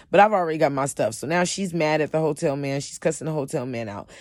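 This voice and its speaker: Woman, storytime vlog, cosmetics seller, profane, emphatic, loud-to-quiet swings. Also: sits low. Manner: swings from loud outbursts to quiet, shaken admissions. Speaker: cosmetics vendor.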